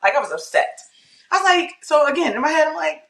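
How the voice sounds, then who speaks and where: A woman guest on a podcast telling her faith story in a lively, casual way, acting out her own thoughts and laughing often. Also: high-pitched, fast talker, vocal fry, echoey room. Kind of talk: casual testimony.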